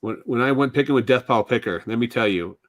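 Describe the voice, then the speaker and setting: A man co-hosts a casual podcast chat, talking in long, looping stories. His voice is mid-pitched and dry, with little room sound. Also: fast talker, no room sound. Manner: rambling, chatty storyteller. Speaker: podcast co-host.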